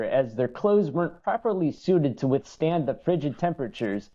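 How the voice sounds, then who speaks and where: A male comic reading monologue jokes with a very lively, up-and-down voice. He reads slowly, trips over words and chuckles into his own punchlines. The sound is slightly dull and lo-fi. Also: fairly high pitch. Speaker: comedian guest.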